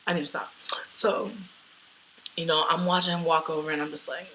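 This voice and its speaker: Loud, brash young woman telling a story. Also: deep voice, flat delivery, a little fast, rough recording. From United States. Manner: loud, brash and profane, laughs often. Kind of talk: casual personal storytelling.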